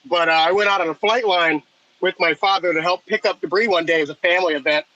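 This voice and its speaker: A man's voice: sits high, steady tone, fast talker, pushed and bright, dry recording, muffled recording. A man chatting casually as a podcast guest, telling eager, rambling anecdotes. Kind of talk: casual chat.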